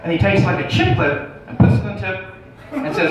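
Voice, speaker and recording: A man on stage telling a crude, self-mocking story as a stand-up comedian, his voice sitting a touch high. He sounds far from the microphone, and the room rings with heavy echo. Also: sing-song, brisk, a crowd in the background. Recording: echoey room, distant dull mic.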